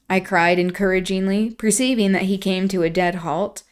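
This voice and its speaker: A woman reading a classic novel aloud on a stream, breaking off for quieter, reflective asides. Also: on the low side, fairly even intonation, normal speed, hardly any pauses.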